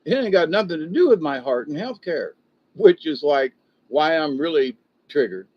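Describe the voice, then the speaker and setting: Older male livestream host venting in a rambling, frustrated way, caught on dull, low-fidelity audio. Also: big pitch swings, moderate pace, slightly rough, no echo. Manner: frustrated, rambling, self-interrupting. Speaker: livestream host reading viewer comments.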